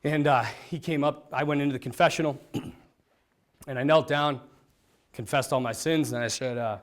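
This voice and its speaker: A priest giving a personal testimony to a group, animated and self-mocking. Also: male voice, medium pitch, moderate pace. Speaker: priest, vocation director.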